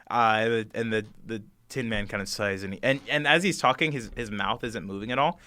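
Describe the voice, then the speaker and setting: Bright-voiced male game master. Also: on the low side, clean tone, dry recording. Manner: halting, many fillers and restarts. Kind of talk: narrating a tabletop game.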